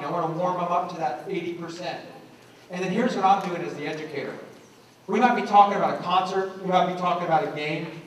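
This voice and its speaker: A man's voice: high-pitched, a little hiss or hum. A middle-aged man giving a motivational talk to teachers, acting out voices as he tells stories. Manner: animated storyteller acting out voices. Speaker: education speaker. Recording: echoey room from a distance.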